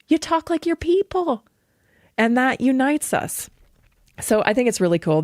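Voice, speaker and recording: A woman from Canada hosting a radio show, talking in a chatty, animated way, repeating points for emphasis and laughing easily. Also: medium pitch, no echo, clean studio sound. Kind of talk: casual monologue.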